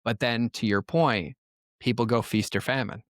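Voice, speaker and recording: A man's voice: mid-range voice, fairly even intonation, no room sound, studio quality. A man as a podcast guest, telling his life story in an earnest, emphatic way. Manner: earnest, emphatic, quick to act out quotes. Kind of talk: personal storytelling in conversation.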